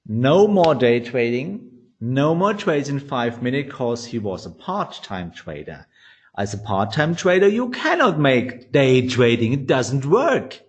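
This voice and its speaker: A man's voice: medium pitch, a little slow, muffled recording. A man teaching trading, telling a blunt story with swearing and acted-out quotes in English. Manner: blunt, swears, animated, quotes others in shifting voices. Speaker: trading educator. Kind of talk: storytelling lecture.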